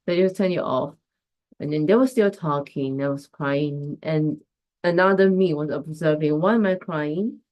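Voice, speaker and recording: A woman's voice: low voice, normal speed, darkish tone. A woman hosting a casual live stream as a coach, talking reflectively and greeting viewers by name. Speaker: host and coach.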